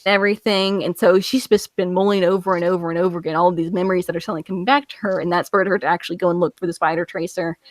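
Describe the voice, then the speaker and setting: A woman co-hosting a casual review podcast over an online call, retelling a story in an animated way with many filler words and acted-out quotes. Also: fairly low pitch, rapid-fire, hardly any pauses, no room sound. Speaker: podcast co-host. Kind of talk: casual comic-book review chat.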